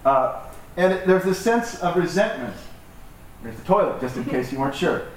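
A man preaching to his congregation in a relaxed, joking way, acting out the voices of the people in his stories. His voice sits a little high. It is picked up from far off in a very echoey hall, with faint room noise behind. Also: normal speed. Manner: conversational, joking, acts out quoted voices. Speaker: pastor. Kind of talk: sermon. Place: church hall.

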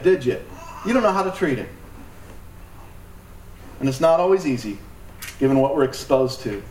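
A man's voice: a little high, a little hiss or hum. A man preaching a sermon as pastor, emphatic, with joking asides and laughs. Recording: echoey hall from far off, light ambience.

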